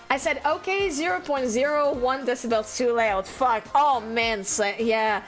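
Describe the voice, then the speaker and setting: Young woman, high voice, giggly rambling stream chat, teary, faint music behind. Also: measured pace, hardly any pauses. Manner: giggly, rambling, self-deprecating. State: teary, emotional.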